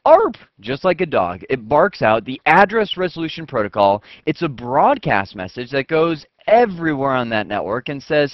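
A man teaching computer networking step by step, acting out what each computer says in quick asides, on a close mic. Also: medium pitch, very animated, dry recording. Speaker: networking instructor. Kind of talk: screen-recorded technical lesson. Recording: dull, dry lo-fi voice track.

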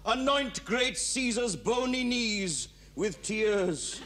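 An actor playing a stout, melodramatic Roman general who wails dire warnings in a comic operetta. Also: male voice, high-pitched, animated, takes it slowly, fairly bright tone, heavily acted. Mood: mournful. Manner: theatrical, wailing, melodramatic. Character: stout, doom-laden Roman general Mark Antony, man. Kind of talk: sung and rhymed comic operetta. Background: orchestral music.

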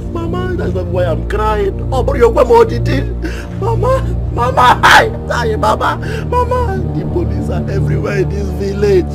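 Ebuka, a panicked young Nigerian man with a Nigerian accent, shouting, crying and laughing at once. His voice is high and swings wildly, with a gravelly edge. Music runs loudly beneath the film audio. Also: animated, normal speed, hardly any pauses. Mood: frantic. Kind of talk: film drama acting.

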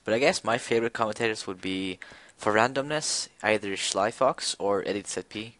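A man's voice: on the low side, moderate pace, a bit bright, dry recording. A young man chatting and joking while playing a video game with a friend. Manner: joking, teasing, laughs often. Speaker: gaming commentator. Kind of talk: casual gameplay chat.

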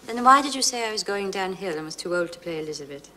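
An actress playing a proud, teasing middle-aged opera diva over a meal. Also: female voice, medium pitch, animated, fast talker, pushed and bright, a little hiss or hum. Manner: cool, teasing. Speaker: opera singer.

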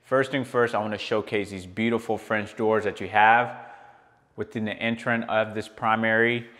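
A real estate agent with a fairly low but fairly bright voice tours a large furnished home indoors. He enthusiastically praises each room over and over, using lots of fillers.

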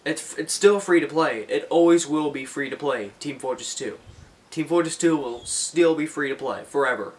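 A man's voice: a little high, lively intonation, normal speed. A teenage boy or young man talking unscripted to his channel's viewers, rambling and repeating himself with many restarts and fillers. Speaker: YouTuber. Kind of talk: casual unscripted vlog talk.

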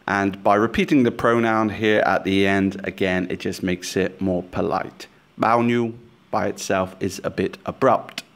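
A man with a somewhat low voice talks through a language lesson in a calm, scripted way. He explains each point slowly and clearly, carefully sounding out the foreign phrases he teaches.

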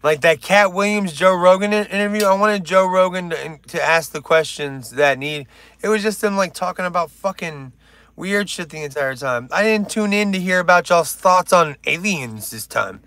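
A man's voice: high-pitched, normal speed, bright, forceful tone. A man doing casual stand-up on a live stream, rambling, swearing and joking with his viewers.

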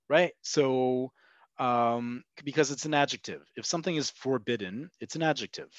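Male language teacher, mid-pitched, patient and methodical, dry dull webinar sound. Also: dry recording. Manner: patient, explains step by step with frequent "okay" and "right?". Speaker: Hebrew teacher. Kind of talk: online language lesson. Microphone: video call.

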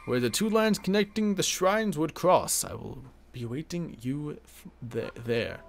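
A man reading out a solemn old male spirit in a slow, hushed, breathy voice. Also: a little high, very animated, slight background noise, heavily acted.

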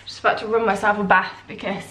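A young woman talking casually to camera in a vlog, chatty and expressive, often exasperated. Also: medium pitch, fast talker. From United Kingdom. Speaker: lifestyle vlogger.

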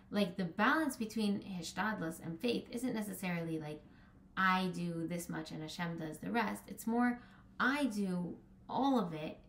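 An earnest young woman teaches an informal Torah lesson, talking casually and filling her sentences with "like." Her voice sits at a middle pitch, and it rings in an echoey room with a faint hum of ambience behind it. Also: vocal fry. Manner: earnest, casual, many "like" fillers.

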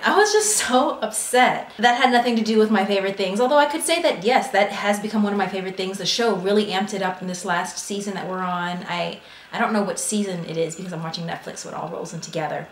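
A woman chatting casually in a favorites vlog, animated, acting out her own reactions as she tells them. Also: mid-range voice, roomy sound, rough recording. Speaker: vlogger.

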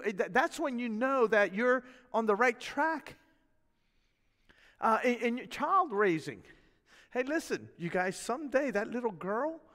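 A man preaching from the pulpit, his voice set high for a man and swinging widely in pitch. He talks in a folksy, animated way, dropping chuckles and asides to the congregation. The long reverb of a church sanctuary trails after each phrase. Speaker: pastor. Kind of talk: sermon.

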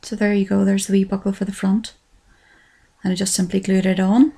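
An Irish woman talks through a craft project in a relaxed, chatty voice-over. Her tone stays level, with little rise and fall. There is a gravelly fry in her voice, and she pokes fun at herself as she goes. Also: medium pitch, fairly quick. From Ireland. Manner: chatty and self-deprecating, says "wee" often. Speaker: craft tutorial creator. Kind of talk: casual tutorial voice-over.

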